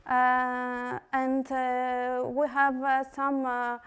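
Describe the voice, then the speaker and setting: A woman's voice: sits high, completely flat delivery, drawn-out words, a bit bright, smooth. A woman farmer from Greece introducing herself at a conference in simple, hesitant English with many fillers. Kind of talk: short self-introduction at a conference.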